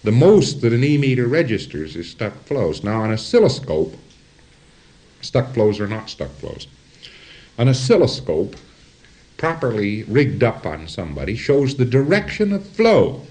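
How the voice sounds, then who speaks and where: A man's voice: mid-range voice, sing-song, a little slow, dark tone. A man giving an informal lecture, rambling, acting out examples and often checking in with his listeners. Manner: rambling, illustrates with acted-out examples and asides.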